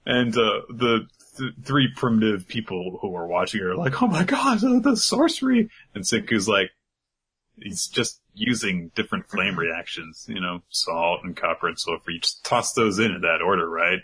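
Guy recapping an anime episode, laughing a lot, kind of husky, bright sound. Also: low-pitched, moderate pace. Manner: animated, laughing, slips into character voices. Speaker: podcast co-host.

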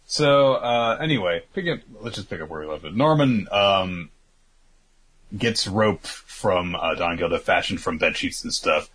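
Casual male host, deep and husky, rambling recap delivery. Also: lively intonation, unhurried, a bit bright. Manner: rambling, filler-heavy retelling. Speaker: podcast host recapping manga. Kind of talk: casual chat.

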